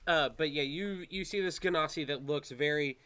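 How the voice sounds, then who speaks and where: A man narrating a tabletop game as game master, relaxed and rambling with many fillers. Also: fairly high pitch, normal speed, clean tone.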